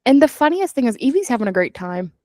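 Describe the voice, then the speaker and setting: A woman co-hosting a book club podcast with a fairly high voice. She recaps the plot in a loose, animated way and acts out the characters' quotes as she goes. The sound is close and dry, with no room echo. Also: fast talker. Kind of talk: casual chat.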